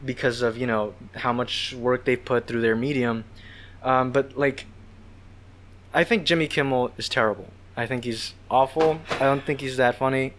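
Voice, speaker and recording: Guest guy on a podcast, lots of "i feel like", mid pitch. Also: steady tone, moderate pace, fairly bright tone, slight background noise. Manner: hedging, says "I feel like" a lot. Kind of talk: casual podcast discussion.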